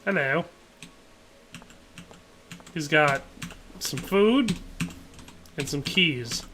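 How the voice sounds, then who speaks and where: A man's voice: fairly high pitch, lively intonation, drawn-out words. A man streaming a game, talking casually and ranting in exasperation while reading chat aloud. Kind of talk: casual gameplay commentary.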